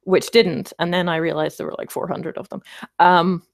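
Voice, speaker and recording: A woman's voice: lowish voice, level tone, moderate pace, gravelly. A woman hosting a casual livestream, chatting and rambling as she answers viewer comments, with wry self-deprecating asides.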